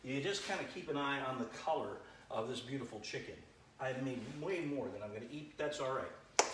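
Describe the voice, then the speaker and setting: A man's voice: mid-range voice, brisk, a bit bright. A middle-aged man hosting a casual live cooking demo from his home kitchen, chatting to viewers and greeting them by name as he fries chicken. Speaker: cooking show host. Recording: echoey kitchen, faint frying noise. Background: sizzling frying pan.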